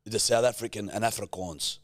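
A man's voice: fairly low pitch, no room sound, studio quality. A man co-hosting a comedy podcast, tossing out prompts in casual banter and laughing often. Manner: animated, laughing, prompts with quick suggestions. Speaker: podcast co-host.

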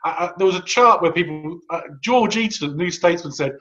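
A man's voice: high-pitched, a little fast, sharp tone, highs cut off. A man in his fifties, a guest commentator, talking in a wry, sardonic way with frequent restarts in casual political chat. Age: 50s.

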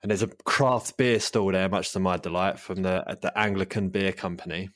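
A man's voice: deep voice, fairly even intonation, moderate pace, fairly bright tone, no room sound, clean studio sound. A man with a London accent hosting a podcast, telling a rambling story in a laid-back, sweary way. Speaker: podcast host. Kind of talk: casual chat.

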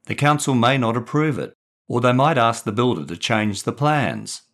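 A man voicing a patient father who speaks calmly and soothingly, in a storybook reading. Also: mid-range voice, normal speed. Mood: gentle. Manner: calm, soothing.

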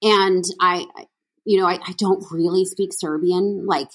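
A woman's voice: on the low side, steady tone, unhurried, breathy edge. A woman from Canada, an actress, chatting as an interview guest, laughing often and talking with many fillers and restarts. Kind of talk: casual interview chat.

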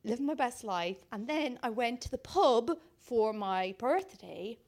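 An Irish woman with a high, bright voice tells a story in casual talk. Her pitch leaps up and down, and she slips into other people's voices as she goes. She swears freely and sounds animated throughout. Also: a little slow. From Ireland.

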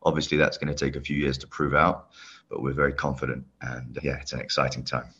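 A man's voice: a bass voice, level tone, quick pace, bright, forceful tone, husky. A man from the UK as a podcast guest, explaining his work with enthusiasm. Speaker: guest, longevity company head. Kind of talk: podcast interview. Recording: dull lo-fi sound.

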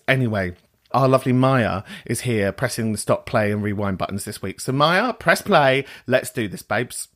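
A man's voice: mid-range voice, a bit bright. A man hosting a podcast, talking in a sweary, self-mocking comic style with frequent laughs. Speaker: podcast host. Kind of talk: comic monologue and show intro.

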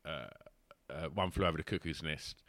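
A man's voice: very deep voice, moderate pace, fairly bright tone, no room sound. A man, co-hosting a film podcast, hesitant and searching for words. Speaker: podcast co-host. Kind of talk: casual chat about films.

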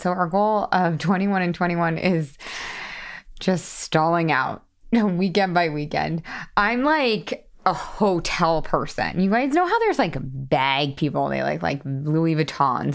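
Woman, 30s, podcast host, excitable, bubbly, lower voice. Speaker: podcast host and weight loss coach. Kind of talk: casual podcast monologue.

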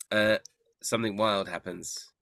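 A man's voice: lowish voice, gravelly, sharp tone, no echo. Giggly game master man, dry sound. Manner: giggly, laughs often. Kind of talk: narrating a tabletop game.

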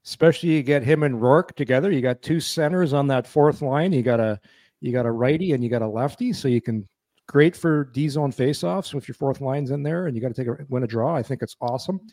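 A man's voice: mid-range voice, a little fast, warm tone, no echo, studio quality. A man in his fifties co-hosting a casual sports chat, rambling and restarting his sentences often. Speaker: podcast co-host.

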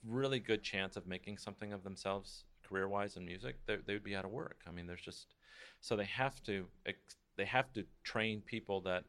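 A man's voice: fairly low pitch, fairly quick, fairly bright tone. A man hosting a casual interview, chatty and encouraging, often backing the guest up with short replies. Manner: chatty, encouraging, frequent backchannels. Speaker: interviewer, host. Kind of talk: casual conversation.

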